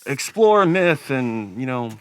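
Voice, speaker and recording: A man's voice: mid-range voice, very animated, slow, clear, resonant tone, dry recording. A young man co-hosting a casual podcast, thinking aloud in long, filler-heavy runs. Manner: rambling, filler-heavy musing. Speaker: podcast co-host. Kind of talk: casual chat.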